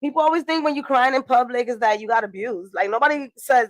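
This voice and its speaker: A woman's voice: high-pitched, expressive, brisk, no echo. Young woman w/ doing a loose tarot reading, chatty, cusses a lot, dry close mic. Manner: chatty, swearing, laughing asides. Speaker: tarot reader. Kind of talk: casual astrology and tarot reading.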